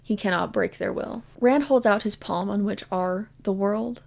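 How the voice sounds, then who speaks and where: A woman talking through a book she loves, with a steady middle-pitched voice that often slips into a gravelly fry. She retells the plot casually and sprinkles in "like" and "basically". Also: moderate pace. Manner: emotionally invested in the story. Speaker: book vlogger. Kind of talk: casual spoken book summary.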